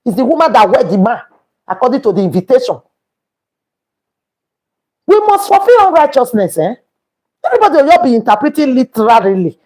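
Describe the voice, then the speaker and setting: A woman's voice: fairly high pitch, lively intonation, fast, a little mellow. A woman with a Nigerian accent hosting a live stream, talking emphatically and quoting scripture as she repeats her points. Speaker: livestream host. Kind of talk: preachy live-stream talk.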